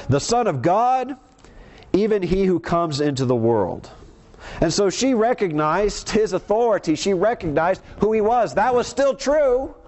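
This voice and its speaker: A man preaching a sermon, reading scripture verses aloud and explaining them earnestly, slowing down on key words. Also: a little mellow. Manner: slows for emphasis, varied pitch.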